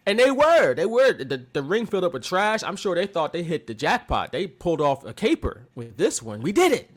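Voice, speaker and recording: A man co-hosting a casual podcast, his voice sitting a touch high and leaping around with lively swings in pitch. He tells the story with animated energy, mocking quotes and frequent laughs. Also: a little fast. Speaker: podcast co-host. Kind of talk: casual wrestling recap chat.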